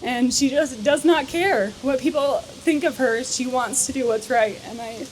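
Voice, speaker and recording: A woman's voice: high voice, a little slow, slight background noise, rough recording. A woman giving an earnest, emotional toast about the bride at a wedding reception, speaking into a handheld microphone.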